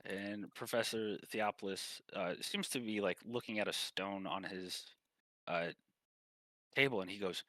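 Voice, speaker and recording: A man's voice: fairly low pitch, measured pace, pushed and bright, no room sound. A man running a tabletop game, narrating in a casual, rambling way. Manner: casual, rambling, full of fillers. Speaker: game master.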